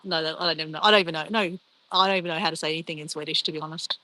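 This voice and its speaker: A woman's voice: on the low side, very fast, pushed and bright, low-quality recording. An Australian woman chatting casually and bubbly on a travel live stream, reacting to her viewers.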